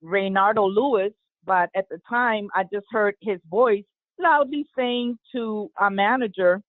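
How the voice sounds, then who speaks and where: A woman, an eyewitness, recounting an incident in an interview, halting with many fillers and restarts. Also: medium pitch, no room sound. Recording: tinny phone-line audio, dry.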